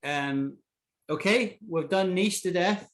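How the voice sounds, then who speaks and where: Speaking slowly in a high-pitched voice, a man teaches English vocabulary to an online class. He punctuates his explanations with many "right?" checks to keep in touch with his students.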